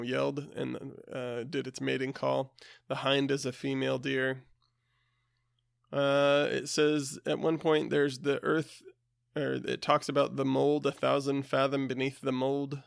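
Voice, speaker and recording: A man's voice: medium pitch, gravelly, no room sound. Man hosting a podcast, chatty explainer, close dry sound. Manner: conversational, with fillers and asides. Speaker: podcast host. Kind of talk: casual explanation of old words.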